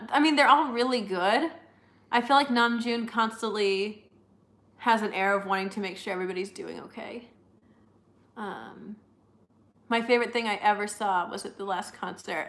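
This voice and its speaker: A woman's voice: medium pitch, fairly bright tone. A young woman co-hosting a live stream, chatting casually with viewers in a rambling way full of fillers.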